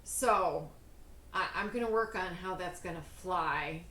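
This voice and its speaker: A woman's voice: lowish voice, a little slow, fairly bright tone, roomy sound, a little hiss or hum, rough recording. A woman hosting her own cooking show, chatting casually in a bubbly, self-deprecating way with lots of fillers. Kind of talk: casual cooking vlog chat.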